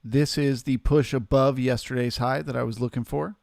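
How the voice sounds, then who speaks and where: A man with a gravelly voice hosts a live trading stream, mixing casual market commentary with shout-outs to viewers in the chat. He speaks at an ordinary pitch, close to the mic in a dry room. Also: steady tone, moderate pace, no echo. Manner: casual, reads chat aloud and thanks viewers. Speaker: livestream trading host.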